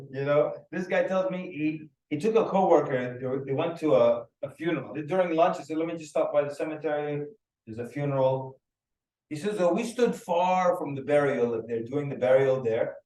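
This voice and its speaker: A man giving a workshop talk, telling anecdotes and acting out the people in them. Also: fairly high pitch. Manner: animated storyteller who acts out the people in his stories. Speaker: workshop speaker. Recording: roomy echo, mic at a distance.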